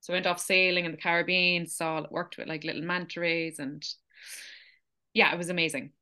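A young woman with an Irish accent telling her life story in a casual interview, animated and chatty, with plenty of fillers and laughs. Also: fairly low pitch, a little fast. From Ireland. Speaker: interview guest.

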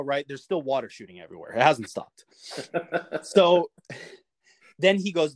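A man, a navy veteran guest on a podcast, telling a story in a lively, casual way, cursing freely and acting out what others said. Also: medium pitch, normal speed, dry recording. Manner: animated storyteller, swears freely, acts out quoted lines with chuckles. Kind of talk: casual anecdote told in an interview.

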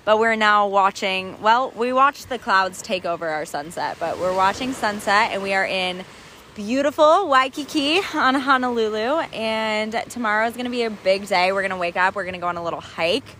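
A young woman chatting casually in a travel vlog, full of "like" and quick laughs, recorded on a phone. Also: mid-range voice, bright, forceful tone, a little hiss or hum. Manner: chatty, laughs often, lots of "like". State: out of breath. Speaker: travel vlogger. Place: outdoors on a hiking trail.

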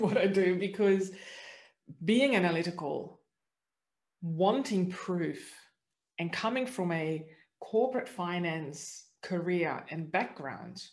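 A middle-aged woman earnestly telling her own spiritual story, moving between soft reflection and livelier moments. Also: lowish voice. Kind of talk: personal storytelling.

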